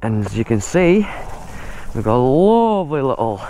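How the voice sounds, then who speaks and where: A man's voice: medium pitch, very animated, normal speed, warm tone, slight background noise. A man, out of breath, giving chatty running commentary while riding an e-bike through muddy woods outdoors. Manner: chatty, exclaims at the mud.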